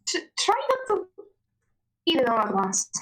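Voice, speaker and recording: A kind, motherly young woman from a tabletop game speaks softly and reassuringly, as a woman puts her on. Her voice is high and light. She keeps her tone gentle and calming throughout. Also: moderate pace, husky, full character voice, low-quality recording. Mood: soothing. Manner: soft, reassuring.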